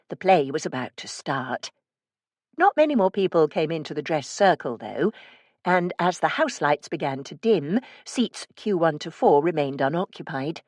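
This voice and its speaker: A woman narrating a first-person cozy mystery audiobook in a measured storytelling manner. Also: low-pitched, dry recording, clean studio sound.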